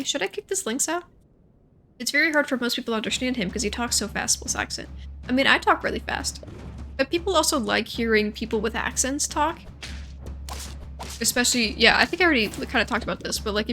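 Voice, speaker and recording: A young woman with a fairly high, bright voice gives loose, chatty commentary as she plays. She thinks aloud, muses in quick asides and talks to herself about her next moves. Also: slight background noise. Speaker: gaming streamer. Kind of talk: casual gameplay commentary.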